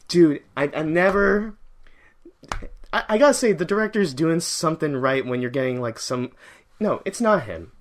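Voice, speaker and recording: In a fairly high voice, a man rambles through his first reaction to a movie, excitable and swearing heavily. He keeps restarting his sentences as this casual review goes on.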